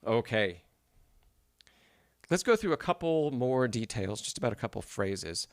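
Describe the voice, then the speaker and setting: This man's medium-pitched, creaky voice moves a little slowly with big pitch swings, in a studio-quality recording with no echo. He's teaching piano in a live-streamed masterclass, patiently walking the student through phrasing and often asking "right?" or "yes?".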